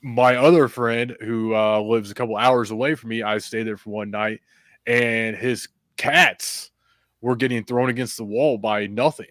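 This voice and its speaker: A man as a podcast guest, telling paranormal stories in casual chat with frequent fillers and quick laughs. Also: medium pitch, no echo, studio quality. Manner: animated storyteller, quick laughs, many fillers.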